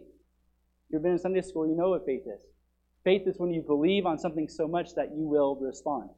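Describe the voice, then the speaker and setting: Male pastor, high-pitched, preaching with sharp swings between forceful peaks and quiet drops. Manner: swings from loud urgent preaching to quiet, low asides. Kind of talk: sermon.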